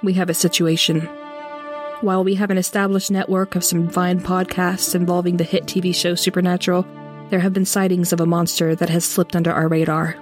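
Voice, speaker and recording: A woman's voice: on the low side, little pitch movement, fairly quick, faint music behind. A woman reading a dramatic promo announcement for a podcast.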